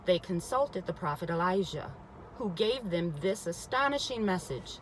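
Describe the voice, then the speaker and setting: A woman's voice: fairly low pitch, expressive, normal speed, slight background noise, low-quality recording. A woman reading a spiritual self-help book aloud, often stopping to repeat passages and add emphatic comments of her own. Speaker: reader.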